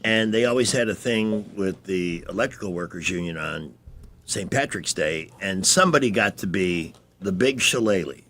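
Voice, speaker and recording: A man's voice: low-pitched, animated, moderate pace, a bit bright, a little hiss or hum. A man hosting a radio talk show, chatting casually, joking and telling personal stories with animation.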